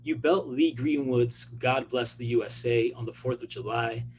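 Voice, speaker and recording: A man, an author, reading his own fiction aloud in a measured, deliberate way at a public event. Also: mid-range voice, steady tone, slight background noise.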